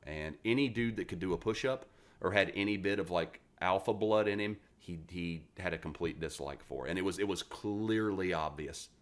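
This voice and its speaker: Low-voiced West Virginia man, 40s, gruff profane raconteur, podcast guest. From West Virginia, USA. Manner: blunt, profane, animated storyteller. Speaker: podcast guest, retired Marine. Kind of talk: casual interview storytelling.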